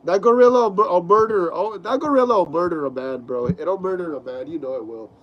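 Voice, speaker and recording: A man's voice: high-pitched, a little fast, dull audio. A young man with a stuffy nose from a cold, hosting a casual live stream from home, reading chat aloud and saying bro a lot. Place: home room.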